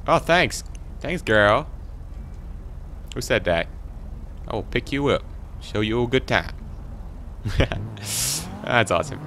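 A teenage boy giving rambling, excitable commentary while playing a video game. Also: medium pitch, a little slow, long pauses, slight background noise. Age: teens. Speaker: gaming channel host. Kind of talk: gameplay commentary.

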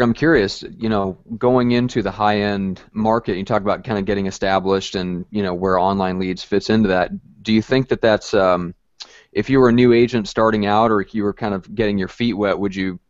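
A man with a lowish voice hosts an interview over a video call, asking curious questions in a friendly way. The sound is dry and close, with dull lo-fi call audio. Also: fairly even intonation, a little fast, dry recording. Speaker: podcast host, interviewer.

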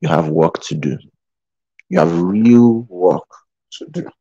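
Earnest man with a mellow, low voice. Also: slow, slightly rough, no echo, muffled recording. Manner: earnest, pleading, repeats phrases, checks in with "okay?" and "right?". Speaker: motivational speaker. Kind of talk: live-streamed motivational talk. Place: in Qatar.

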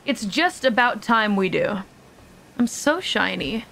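A woman's voice: on the high side, animated, slow pace, vocal fry, fairly bright tone. A young woman streaming a video game, chatting casually with her audience, joking around and swearing freely. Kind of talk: casual live-stream commentary.

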